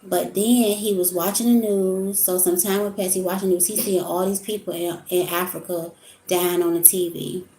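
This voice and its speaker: A woman's voice: lowish voice, steady tone, normal speed, mellow, slight background noise. A woman vlogger talking casually about spiritual topics in a rambling, storytelling way. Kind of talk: casual monologue. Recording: echoey room.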